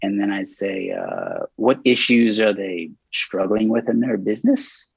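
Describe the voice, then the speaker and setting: In a casual interview, a man whose voice is fairly low, gravelly, and slightly rough tells a story; the lo-fi recording has no echo. Self-described as a bit nervous, he keeps restarting, yet he brings the quoted dialogue to life.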